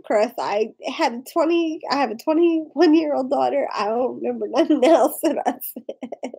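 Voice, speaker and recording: A woman's voice: sits high, normal speed, gravelly, warm tone, slightly rough, rough recording. A drunk woman in her forties hosting a casual live stream, rambling, giggling and reacting to viewer comments.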